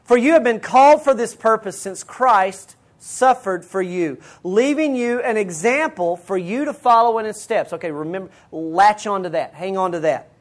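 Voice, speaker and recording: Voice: mid-range voice, lively intonation, normal speed, hardly any pauses. A Bible teacher giving an earnest sermon to women, speaking to them directly and reading scripture passages aloud.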